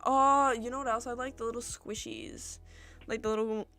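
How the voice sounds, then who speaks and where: A woman's voice: on the high side, fairly even intonation, normal speed, bright, forceful tone, faint music behind. A young Australian woman chatting casually on a livestream, answering viewer questions in a rambling way and acting out little exchanges with her friends.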